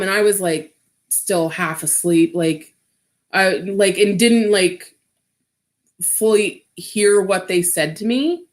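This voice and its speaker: A woman streamer recounting a personal story at an unhurried pace. She rambles, restarts, and fills her sentences with "like," in a mid-pitched voice. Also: steady tone. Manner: rambling, full of "like" fillers.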